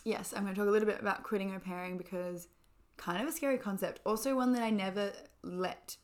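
A woman's voice: medium pitch, steady tone, fast. A young woman chatting as a podcast co-host, telling a story with lots of fillers. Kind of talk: casual chat.

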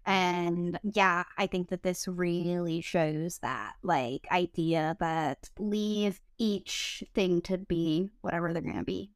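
A woman hosting a casual podcast chat, talking loosely with lots of "like" fillers and quick disclaimers. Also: lowish voice, fairly even intonation, clear, resonant tone, no echo. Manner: chatty, many "like" fillers, quick asides and self-disclaimers. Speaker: podcast host.

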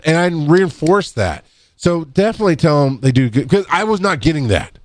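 A middle-aged man, an EMT and podcast co-host, telling rambling work stories in casual chat and jumping up in pitch to act out other people's lines. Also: big pitch swings, fairly quick, no room sound, clean studio sound. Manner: rambling, restarts, acts out quotes in a higher voice. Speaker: podcast co-host, EMS worker. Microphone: studio microphone.

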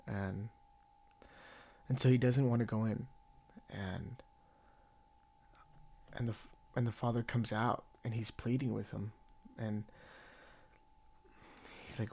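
A man's voice: fairly low pitch, fairly even intonation, takes it slowly, creaky, pauses often, a little mellow, breathy edge. A man hosting a casual faith podcast, retelling a story in a rambling, earnest way with many fillers. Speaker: podcast host.

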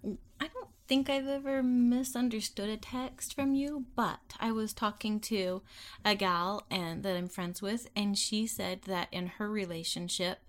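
A woman co-hosting a casual podcast with her husband, earnestly retelling friends' stories and acting out their lines. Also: medium pitch. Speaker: podcast co-host.

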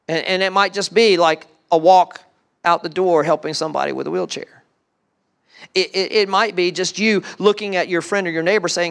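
A man preaching a sermon as pastor, animated, often repeating words and acting out quotes. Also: high-pitched, moderate pace, creaky.

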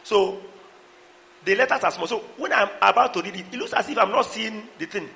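Preacher guy, high gravelly voice, call and response, echo like a big hall. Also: expressive, a little fast. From Nigeria. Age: middle-aged. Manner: preaching with call-and-response, breaking into song and shouts. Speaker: pastor. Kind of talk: sermon. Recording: long hall reverb.

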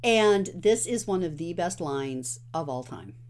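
A woman podcast host recapping a movie in casual chat, acting out its lines with lively energy. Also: lowish voice, unhurried.

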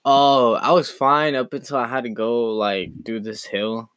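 A man in his twenties co-hosting a casual podcast, laid-back and slangy and quick to laugh. His voice is mid-pitched and sounds dry and close to the mic. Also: a bit bright, clear, resonant tone, no room sound. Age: 20s. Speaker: podcast co-host. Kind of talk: casual chat.

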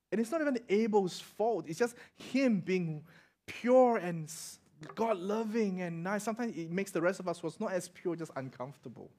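Singaporean-accented man, middle-aged, lively sermon storyteller, fairly high voice. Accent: Singaporean English. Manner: animated, acts out voices in anecdotes, swings loud to soft. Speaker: preacher.

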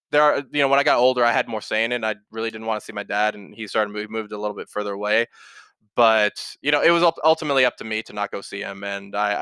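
A man's voice: on the low side, bright, forceful tone, clear, resonant tone, dry recording. A man hosting a casual advice show, reading out listener posts and answering them directly, with many restarts and fillers.

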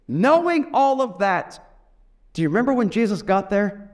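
High-voiced man preaching a story sermon. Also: very animated, moderate pace. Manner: vivid, dramatic storytelling. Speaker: pastor.

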